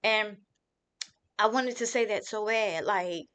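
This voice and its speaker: A woman's voice: medium pitch, takes it slowly, a bit bright, clean tone. A middle-aged woman giving a heartfelt personal testimony as a grieving mother, talking casually with many "you know" fillers. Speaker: grieving mother telling her story.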